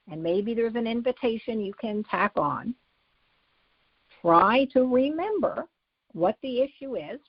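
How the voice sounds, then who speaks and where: A woman psychologist giving advice in an interview, calmly walking through numbered steps and acting out sample phrases a parent could say. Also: medium pitch, breathy edge, no echo. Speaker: psychologist guest expert. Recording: slightly dull, dry lo-fi recording.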